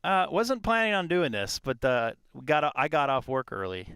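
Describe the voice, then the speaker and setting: A man's voice: on the high side, sing-song, normal speed, fairly bright tone, clean tone, no room sound, studio quality. A man chatting casually and rambling outdoors in a park during a ham radio live stream, with plenty of fillers. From California.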